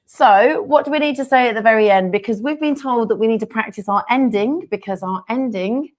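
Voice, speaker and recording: A woman's voice: a little high, a little fast. A woman co-hosting a podcast in casual chat, bubbly, chiming in often, with a sore throat. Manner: bubbly, chiming in with short interjections. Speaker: podcast co-host.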